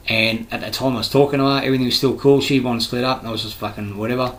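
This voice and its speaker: A man's voice: medium pitch, steady tone, racing, low-quality recording. A man with an Australian accent, a construction worker delivering a rambling, heated, profane monologue full of restarts. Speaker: construction worker giving his views.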